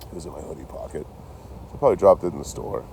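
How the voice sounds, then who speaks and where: A man's voice: a bass voice, racing, vocal fry, a little mellow, a little hiss or hum. A young man telling a rambling story outdoors near his camp, swearing and laughing often. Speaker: vlogger. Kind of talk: casual storytelling.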